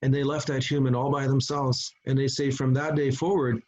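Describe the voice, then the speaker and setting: A middle-aged man from Canada, a chief giving a conference talk, telling a story unhurriedly with frequent pauses and restarts over a video call. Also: medium pitch, level tone, darkish tone, muffled recording. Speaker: Indigenous chief and conference speaker. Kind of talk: storytelling presentation.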